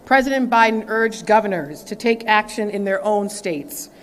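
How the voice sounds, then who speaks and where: A woman's voice: medium pitch, lively intonation, moderate pace. Woman attorney general giving a formal speech, faint room noise, long hall echo. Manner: earnest, emphatic, with some repeats. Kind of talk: formal press conference speech.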